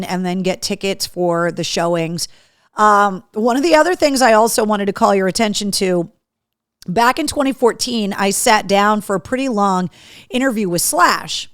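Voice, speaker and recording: Casting: blunt, chatty woman host reading viewer comments live, mid-pitched, close and dry. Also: clean tone, dry recording. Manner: chatty and blunt, swears freely, talks with mouth full. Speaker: radio host running a live webcast. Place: small home studio.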